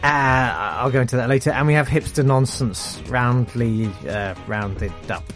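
A man's voice: mid-range voice, unhurried, soft background music. A man hosting a radio show, chatting casually in a rambling, jokey, self-mocking way. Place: radio studio. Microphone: studio microphone.

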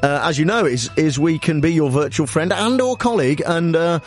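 A man's voice: a little high, brisk, faint music behind. A man hosting a radio chat show, talking in a rambling, hesitant way with many fillers. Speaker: radio host.

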